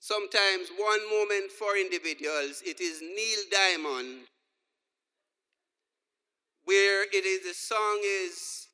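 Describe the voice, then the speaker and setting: A man's voice: high-pitched, slow, sharp tone, smooth. A man preaching a sermon, telling humorous stories and acting out the dialogue. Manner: storytelling with jokes, acting out dialogue. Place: church hall. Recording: long reverb of a large hall.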